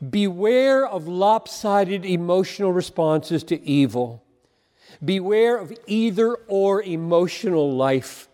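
A man preaching a sermon on a Bible passage, earnest and emphatic, with deliberate pauses between phrases. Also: on the high side, darkish tone. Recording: long hall reverb.

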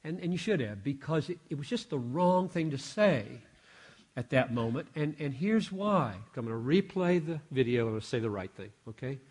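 Older man preaching with lively storytelling. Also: mid-range voice, fairly quick. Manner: animated storytelling with self-corrections. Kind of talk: sermon with acted-out story.

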